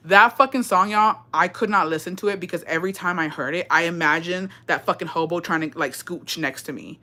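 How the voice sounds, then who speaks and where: A young woman with a lowish voice tells a story on her livestream a little fast, with hardly any pauses. She's animated, swears a lot, and works Spanish phrases into her speech.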